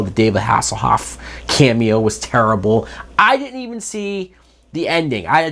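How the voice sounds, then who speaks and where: A man reviewing movies in an exasperated, emphatic rant, repeating himself for stress and swinging between loud outbursts and muttered asides. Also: on the low side.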